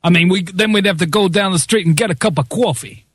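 A man's voice: high voice, fast talker, no echo, clean studio sound. A man with a New Zealand accent hosting a talk show, joking and sarcastic in casual chat. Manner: jokey, sarcastic, often laughing.

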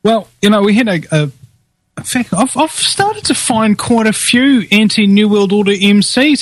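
A man's voice: high-pitched, animated, normal speed, no echo, low-quality recording. A man hosting a live call-in radio talk show, with a theatrical, sarcastic announcer delivery.

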